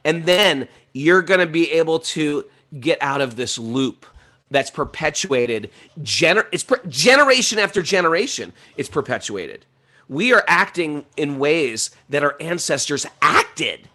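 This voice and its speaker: A middle-aged man talking in a casual, animated way about spiritual life, laughing often as he tells stories. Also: a little high, measured pace. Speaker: podcast host.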